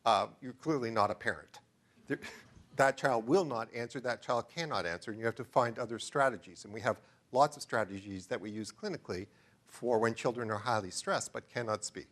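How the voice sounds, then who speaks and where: A man's voice: mid-range voice, a little fast, a bit bright. Enthusiastic man lecturing a live audience. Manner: enthusiastic, digressive, asks the audience questions. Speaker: researcher giving a talk.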